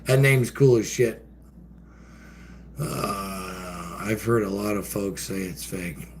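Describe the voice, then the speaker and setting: A man's voice: fairly low pitch, slow pace, slight background noise. A man hosting a casual livestream, ranting in a profane, folksy way and reacting to chat from an outdoor shed with the door open. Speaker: livestream host reading chat.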